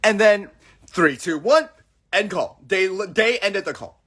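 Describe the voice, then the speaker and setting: Husky guy on a phone livestream, voice bouncing all over as he tells a story. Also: high-pitched, slow. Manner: animated storyteller who acts out conversations. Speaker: livestream host. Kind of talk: casual livestream chat.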